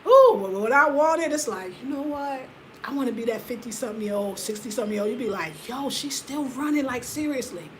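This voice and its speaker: A woman in her fifties talks straight to her viewers in a loose, slangy chat, full of energy. Her voice sits a little high, and she swings between loud, laughing bursts and quiet, low asides. A faint hiss hangs under the recording. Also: expressive, quick pace, poor audio. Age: 50s. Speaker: vlogger. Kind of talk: casual chat to camera.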